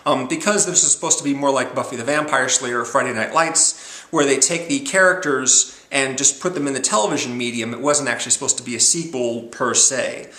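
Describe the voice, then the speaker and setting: A man's voice: mid-range voice, a little fast, sharp tone, roomy sound. A man casually reviewing films in a rambling way, with many ums and uhs. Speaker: movie reviewer.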